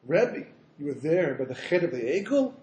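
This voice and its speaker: A man's voice: on the high side, big pitch swings, normal speed, darkish tone. A man doing an eager, curious follower. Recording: roomy echo.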